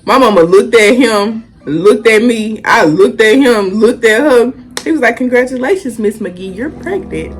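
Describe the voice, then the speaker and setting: A woman's voice: on the high side, animated, unhurried, hardly any pauses, soft background music. A young woman, telling a casual storytime and animatedly acting out the quotes. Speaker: vlogger.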